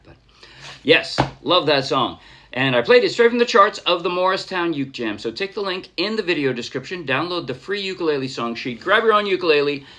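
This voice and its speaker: A man giving a casual ukulele tutorial, chatting in a relaxed way, correcting himself and counting beats aloud. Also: medium pitch. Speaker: ukulele teacher. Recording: clear ukulele music behind voice. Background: ukulele playing.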